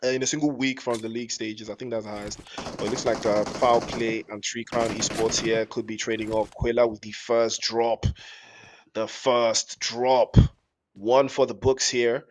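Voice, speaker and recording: A man casts live esports on a headset mic with faint background noise, talking a little fast in a medium-pitched, steady voice. He mixes play-by-play with jokey, slangy, rambling banter and laughs often.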